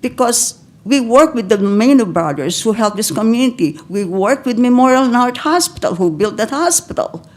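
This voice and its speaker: A woman's voice: on the high side, expressive, a little mellow. Emotional older woman pleading. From Philippines. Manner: pleading, halting, with broken-off restarts. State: emotional, on the verge of tears. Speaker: public commenter. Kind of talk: emotional public comment. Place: county board meeting chamber.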